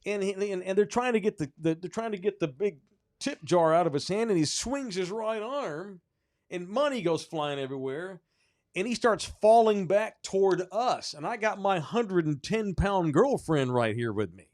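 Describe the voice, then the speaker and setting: A man hosting a sports podcast, telling a story in a casual, animated way, swearing and acting out the voices of the people in it. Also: high voice, moderate pace. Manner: animated, profane, acts out the people in his story. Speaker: podcast host.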